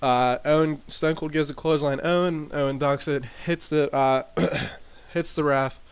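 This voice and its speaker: A man casually recapping his wrestling sim game in a rambling way, with lots of fillers and restarts, talking into a desk mic turned up loud. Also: a little high, steady tone, moderate pace, clean tone. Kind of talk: casual commentary over gameplay. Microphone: desk mic with boosted gain.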